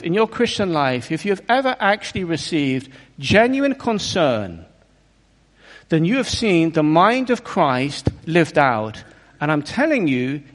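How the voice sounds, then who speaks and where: A man preaching a sermon in an earnest, emphatic way, often asking his listeners rhetorical questions. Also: a little high. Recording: long reverb of a hall.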